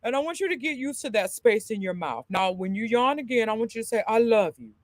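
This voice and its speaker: A woman's voice: fairly high pitch, expressive, fast, no room sound. Woman, voice teacher, video call, encouraging, demonstrative, dry sound. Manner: encouraging, demonstrative, laughs often. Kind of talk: live online voice lesson.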